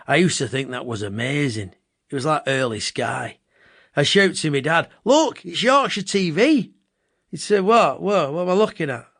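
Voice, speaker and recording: A man's voice: medium pitch, dry recording, clean studio sound. Wry Lancashire man reading his memoir. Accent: Bolton, Lancashire. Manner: wry, deadpan asides. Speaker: author narrating his own memoir. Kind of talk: comic memoir audiobook narration.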